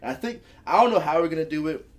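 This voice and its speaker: A young sports podcast co-host talks very fast in a slightly high voice. The show is casual, and he argues animatedly while stumbling over his words and restarting often.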